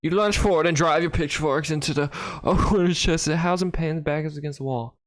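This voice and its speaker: A man playing a text adventure game, reading its lines aloud and adding wry, deadpan comments on a close mic. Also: a little high, fairly quick, no room sound. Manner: wry, deadpan, bursts into laughter. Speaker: gaming YouTuber.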